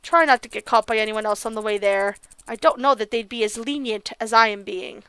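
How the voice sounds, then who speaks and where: A woman reading the lines of a stern but caring male school nurse, in a calm, measured, lecturing manner. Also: fairly high pitch, smooth, dry recording, voice pushed down. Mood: gentle. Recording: game music playing behind.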